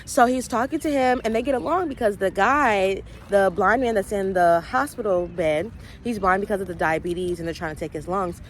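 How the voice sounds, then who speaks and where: A woman's voice: mid-range voice, moderate pace. Young woman host, easygoing movie recap, voices the dialogue, light traffic hum. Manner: chatty storyteller acting out quoted dialogue. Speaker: host of a faith vlog. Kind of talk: casual retelling of a movie.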